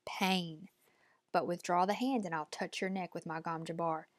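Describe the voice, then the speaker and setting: A woman's voice: on the low side, steady tone, moderate pace, dry recording, lightly acted. A woman reading an audiobook, voicing a stern, cold, commanding old woman who speaks in clipped, imperious lines. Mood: menacing.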